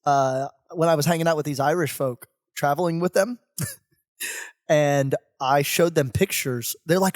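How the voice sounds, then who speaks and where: A man, a priest, chatting casually on a podcast, animated and laughing often, with rambling restarts. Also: a little high, moderate pace, no room sound, studio quality.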